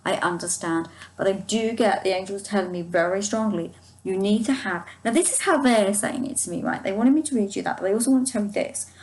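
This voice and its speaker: A woman's voice: mid-range voice, fast talker, darkish tone, rough recording. A woman giving a casual tarot reading to her viewers, soothing and reassuring, often stopping and restarting her sentences. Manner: soothing, speaks of angels guiding her. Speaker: tarot card reader.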